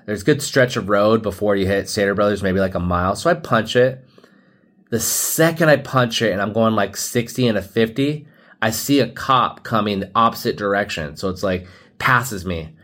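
A man's voice: fairly low pitch, a bit bright. A young man from who hosts a podcast, telling a personal story in a casual, rambling way, full of restarts and "like" fillers. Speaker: podcast host.

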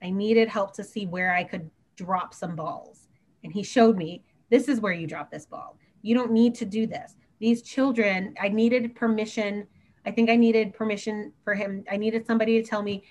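A woman's voice: medium pitch, normal speed, a little mellow. A woman who works as a teacher, chatting earnestly on a podcast and talking in long run-on stretches. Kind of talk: casual podcast chat.

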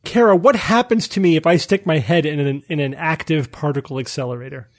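A man's voice: fairly high pitch, fairly quick, no room sound, studio quality. Jokey man hosting a podcast. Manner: jokey, steers the conversation. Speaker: podcast host. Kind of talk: casual science chat.

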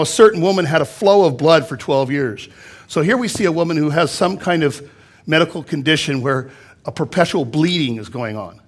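A male pastor with a fairly high voice preaches to his congregation in a church. He reads scripture aloud, then unpacks it and drives points home with emphatic repetition. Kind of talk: sermon. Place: church sanctuary.

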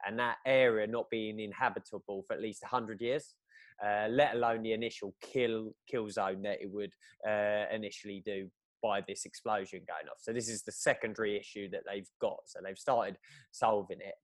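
A man's voice: lowish voice, fairly even intonation, moderate pace, dry recording. A man, retelling a story in a rambling, casual chat, full of fillers and restarts.

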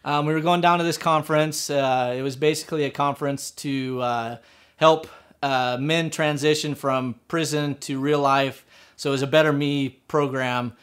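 A man's voice: on the high side, fairly even intonation, normal speed, a bit bright, clear, resonant tone. A man casually telling a personal story about riding motorcycles, rambling with many fillers and restarts.

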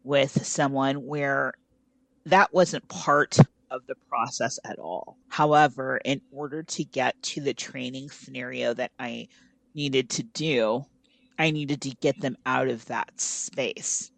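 A man who works as a coach, speaking in a measured, thoughtful way in a casual group discussion. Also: medium pitch, steady tone, gravelly, a bit bright, no echo.

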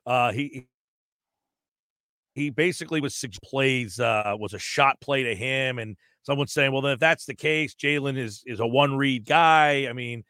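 A man's voice: mid-range voice, moderate pace, pushed and bright, clear, resonant tone, no room sound, studio quality. A man hosting a sports radio show, talking casually and posing long questions to his guest. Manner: conversational, poses long questions.

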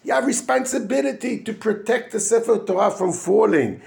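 A man, a yeshiva rabbi, giving an informal weekly Torah lesson, halting and full of restarts, mixing Hebrew terms into his English and answering his own questions. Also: high voice, expressive, gravelly, darkish tone. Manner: halting, with frequent restarts and fillers.

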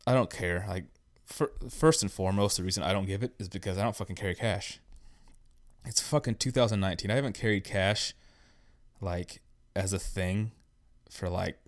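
A man's voice: low-pitched, no room sound, clean studio sound. A man in his thirties hosting a solo podcast, ranting bluntly and swearing constantly in casual talk. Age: 30s. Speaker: podcast host.

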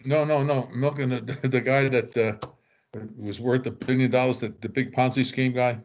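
A man's voice: medium pitch, normal speed. An older man telling casual anecdotes, acting out the voices of the people in them. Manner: animated, acts out quoted voices. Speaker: storyteller guest.

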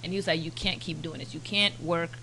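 A bright, forceful woman chats casually on a podcast. She tells animated stories and acts out the people in them. A faint hum sits under her voice. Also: lowish voice, brisk. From United States, Haitian family. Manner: animated storyteller, quotes people in their own voices. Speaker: podcast guest, media brand owner. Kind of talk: casual chat.

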